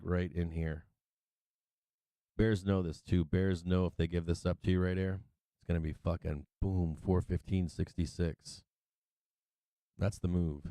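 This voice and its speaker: A middle-aged man with a low, smooth and resonant voice gives loose live commentary on trading charts. He laughs a lot and swears freely. The sound is dry and close to the mic. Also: warm tone, no room sound. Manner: laughing, sing-song chanting, swears freely. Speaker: stock market livestream host.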